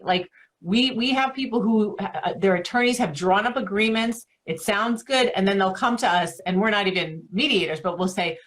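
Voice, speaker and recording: A woman's voice: mid-range voice, normal speed, a bit bright. A woman co-hosting a talk show, talking casually with emphatic repetitions and plenty of fillers. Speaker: co-host.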